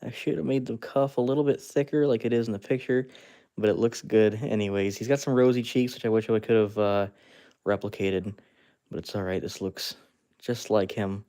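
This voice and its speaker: His voice is warm and fairly low, with fairly even intonation and a moderate pace. He's a live-stream host working with clay, chatting, laughing a lot, narrating as he works and reading viewers' messages aloud.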